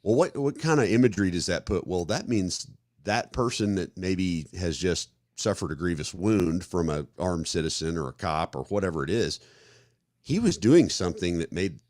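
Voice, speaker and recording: A man's voice: low voice, darkish tone, no echo, studio quality. A man from the American Midwest co-hosting a podcast, talking casually and rambling with many restarts as he acts out everyday scenarios. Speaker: podcast co-host. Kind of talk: casual conversational discussion.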